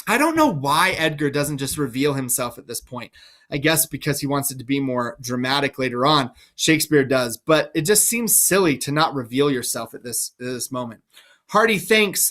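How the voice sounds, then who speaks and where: A man's voice: a little high, fairly bright tone. A male teacher giving a chatty, enthusiastic explanation of a play to his class. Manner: chatty, enthusiastic, asks "right?".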